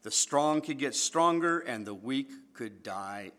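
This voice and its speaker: Bright-voiced man preaching a lively sermon. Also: medium pitch, takes it slowly. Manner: animated, joking with the congregation. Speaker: pastor. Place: church.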